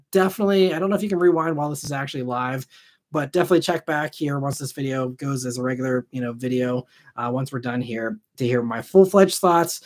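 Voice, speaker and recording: A young adult man hosting a live car chat, reading and answering viewer questions in a relaxed, rambling way full of ums and restarts. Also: on the high side. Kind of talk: casual live-stream chat.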